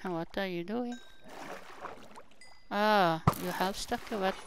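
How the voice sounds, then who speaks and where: Slow, chatty woman gamer. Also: medium pitch, background noise. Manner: chatty, exclaims and talks to game characters. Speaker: gaming channel host. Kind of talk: casual gameplay commentary.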